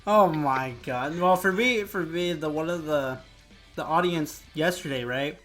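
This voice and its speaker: A man's voice: a little high, unhurried, a bit bright, faint music behind. A young man in casual chat who laughs often and swears casually.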